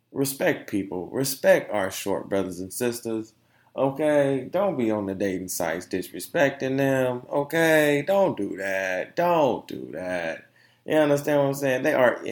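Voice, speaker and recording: A young man hosting a podcast, telling a story in a casual, animated opinion monologue full of slang and laughter. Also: medium pitch. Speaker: podcast host.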